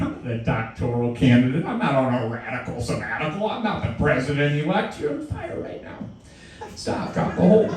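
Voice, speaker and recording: A man giving a live poetry reading in a theatrical way, jumping between shouted and murmured lines. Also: on the high side. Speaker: poet. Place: reading venue. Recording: echoey room, mic far off.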